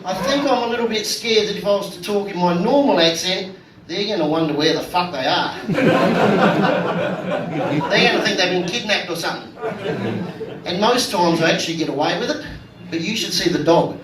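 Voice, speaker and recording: Deadpan Australian man on a comedy stage. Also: high voice, brisk, pauses often, a loud crowd. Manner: deadpan, crude punchlines. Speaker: stand-up comedian and vlogger. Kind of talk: stand-up comedy set. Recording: echoey room from far off with loud ambience.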